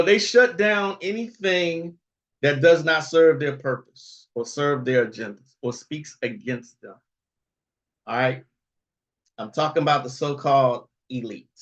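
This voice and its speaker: A man drawls slowly through a rambling livestream chat, chuckling as he goes and checking in with his listeners. His voice sits somewhat high for a man. The sound is muffled and lo-fi. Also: fairly bright tone. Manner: rambling, frequent chuckles, tag questions. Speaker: livestream host. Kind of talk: casual livestream talk answering chat.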